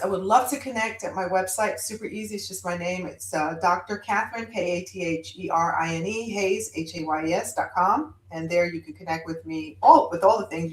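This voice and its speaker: Animated woman telling a story. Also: mid-range voice, roomy sound, rough recording. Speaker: guest author. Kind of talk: casual podcast chat.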